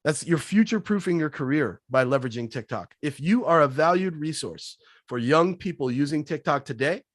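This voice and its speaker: Brief: upbeat male sales coach, slightly high voice, dry and close, quick punchy answers. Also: animated, dry recording. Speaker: guest sales trainer. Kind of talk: webinar Q&A answers.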